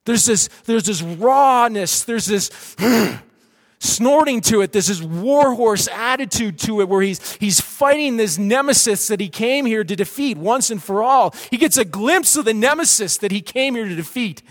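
A man preaching a sermon with animated delivery, acting out cheering crowds. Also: high-pitched, normal speed, long reverb tail.

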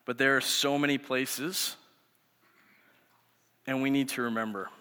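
A man's voice: mid-range voice, fairly even intonation, measured pace, bright, forceful tone, clean tone. A man in his thirties, a youth pastor, giving a sermon through conversational storytelling. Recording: echoey hall reverb.

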